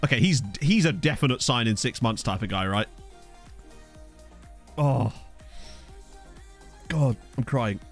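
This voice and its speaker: A man's voice: medium pitch, animated, a little slow, pauses often. Man, streamer, gameplay commentary, giggly and sweary, desk mic, faint music underneath. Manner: chatty, giggly, swears freely. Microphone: desk USB condenser mic.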